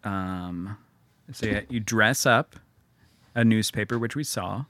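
Podcast co-host, man, low-pitched, joking and teasing. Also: slow pace, a bit bright, no echo. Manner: teasing, jokey. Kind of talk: casual chat.

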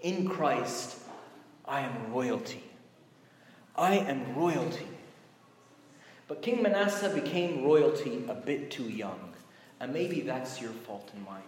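A man's voice: mid-range voice, animated, takes it slowly, long pauses. A man preaching a sermon in a conversational, emphatic way, his voice rising on exclamations. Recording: echoey hall with faint background noise.

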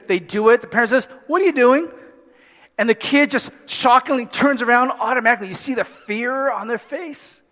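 A man preaching a sermon in an animated way, with humorous asides and acted-out voices from the story. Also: very high voice. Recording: long hall reverb.

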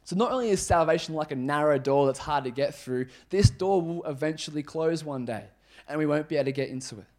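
A man's voice: fast, darkish tone. Man preaching a conversational sermon. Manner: conversational, emphatic, drops low on serious points. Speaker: pastor.

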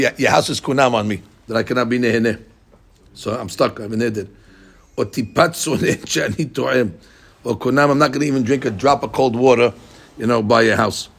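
A man teaching a Talmud study class, explaining the text in an animated way and acting out both sides of the argument in quotes. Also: mid-range voice, gravelly, breathy edge.

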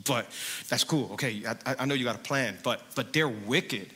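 A pastor doing a fed-up weary prophet. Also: male voice, medium pitch, normal speed, bright, forceful tone, breathy edge, pitched below the performer's own voice. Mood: pleading. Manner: exasperated, pleading. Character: frustrated weary male prophet arguing with God. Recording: echoey hall.

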